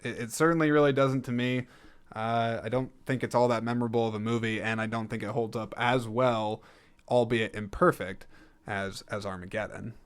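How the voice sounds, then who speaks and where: Rambling jokey man, smooth voice. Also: medium pitch, steady tone, normal speed. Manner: rambling, jokey, self-correcting. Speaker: podcast host reviewing films. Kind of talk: casual solo film review podcast.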